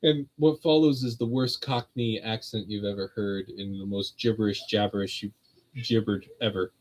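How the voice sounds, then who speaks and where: A man's voice: on the low side, steady tone, normal speed, rough recording. Rambling, chatty male stream host. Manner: rambling and conversational, laughs often. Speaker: host of a streamed religious talk. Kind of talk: casual chat.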